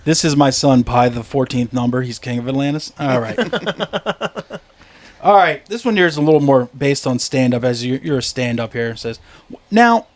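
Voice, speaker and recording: A man's voice: mid-range voice, moderate pace. A man hosting a podcast in casual chat, joking and laughing often as he reads out questions. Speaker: podcast host.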